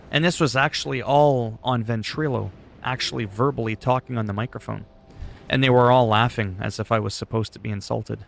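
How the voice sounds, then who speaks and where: This livestreaming gamer, a man in his 40s from Canada with French as his first language, speaks briskly in a medium-pitched, creaky voice with fairly even intonation. The casual chat is blunt, profane and joking, with a little hiss or hum present.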